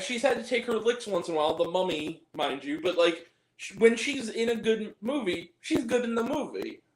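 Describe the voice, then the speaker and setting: A man's voice: sits high, roomy sound. A man giving a blunt, exasperated, profane movie review as host of his own channel.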